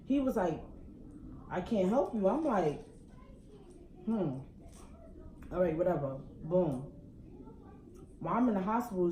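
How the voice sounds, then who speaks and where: A woman's voice: fairly low pitch, dark tone. Ranting young New woman, echoey room. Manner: heated, ranting, fast slang. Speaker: couple vlogger. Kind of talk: casual storytelling vlog. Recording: echoey room with background noise.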